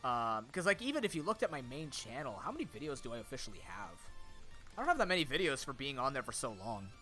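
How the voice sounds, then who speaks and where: Bright-voiced young man rambling on stream. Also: mid-range voice, big pitch swings, quick pace, faint music behind. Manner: rambling, off-the-cuff, many fillers and restarts; talks to chat and friends off-mic. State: sore throat. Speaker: streamer and content creator. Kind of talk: casual live-stream chat.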